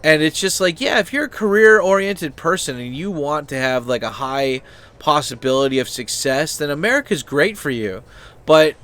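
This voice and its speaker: A man's voice: fairly high pitch, lively intonation, moderate pace, fairly bright tone. Rambling, profane male host. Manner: rambling, profane, lots of fillers and restarts. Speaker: channel host. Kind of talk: casual opinion chat.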